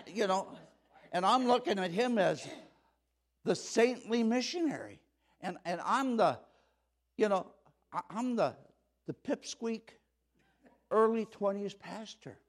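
A middle-aged man preaching a sermon as pastor, telling a story and swinging between loud exclaiming and low earnest tones. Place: church.

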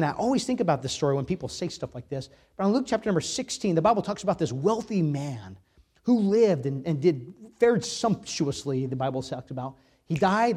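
A man preaching a sermon, reading scripture aloud with emphatic, dramatic swings between loud and soft. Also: on the high side, husky. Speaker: pastor.

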